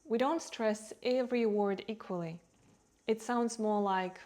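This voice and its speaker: A woman teaching English who talks slowly and clearly, leaning on key words to show stress and rhythm for learners. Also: mid-range voice, a little mellow. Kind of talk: slow, clear teaching delivery.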